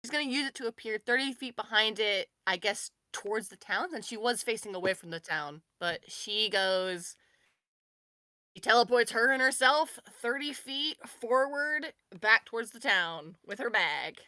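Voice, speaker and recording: A woman describes her character's moves in a tabletop game. She rambles and hedges with constant fillers. Her voice is bright, and the sound is dry. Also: fairly high pitch, lively intonation, normal speed, dry recording. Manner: rambling, many "like" and "kinda". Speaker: player.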